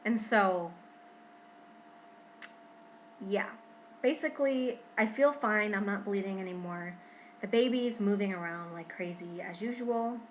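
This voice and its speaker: A young woman talking casually to her camera at home in a pregnancy vlog, chatty and expressive, often saying "freaking". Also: medium pitch, a little slow, pauses often, a little hiss or hum, rough recording. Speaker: vlogger.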